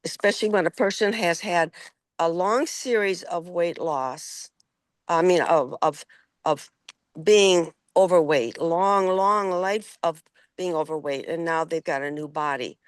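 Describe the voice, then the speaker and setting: A woman's voice: fairly low pitch, measured pace, dry recording, clean studio sound. A middle-aged woman health coach talking casually and eagerly, repeating phrases for emphasis. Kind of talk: casual group chat.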